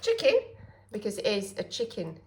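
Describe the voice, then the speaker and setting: A woman's voice: mid-range voice, measured pace, reverberant, noisy background. A woman co-hosting a casual home cooking vlog, teasing and playful as she goes through the ingredients.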